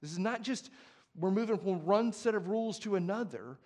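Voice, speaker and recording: Preaching a sermon, this young adult pastor has a voice that sits high and moves at a moderate pace. He sounds conversational and passionate, building from quiet murmurs to strong emphasis.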